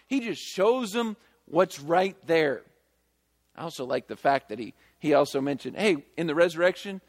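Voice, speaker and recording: A man preaching a sermon, emphatic and animated, with quick conversational asides. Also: a little high. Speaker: pastor. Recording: long hall reverb.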